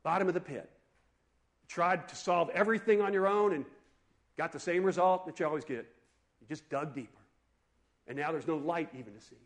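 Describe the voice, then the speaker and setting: A man preaching a sermon in an animated, conversational way, asking his listeners questions. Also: a little high, fairly quick, long pauses. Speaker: pastor.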